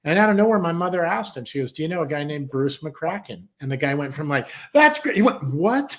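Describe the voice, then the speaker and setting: A man's voice: on the high side, quick pace. A man, a country music artist, telling a long personal story on a talk show, acting out the other people's voices as he goes and swearing casually. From San Diego, California. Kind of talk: animated storytelling.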